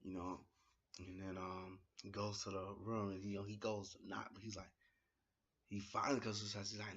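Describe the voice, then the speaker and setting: A man giving a casual spoken review of a wrestling show, retelling it in an excitable, slangy way with plenty of fillers. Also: low-pitched, moderate pace, husky, muffled recording.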